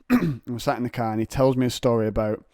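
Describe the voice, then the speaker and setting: A young man rambles through anecdotes on his solo podcast, slipping into high, mocking voices for the people in his stories. His voice sits at a middling pitch, and the recording is dry and close, with no room sound. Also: steady tone, a little fast, a little mellow, no echo. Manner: jokey storytelling, acts out voices of others in high pitch. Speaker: podcast host.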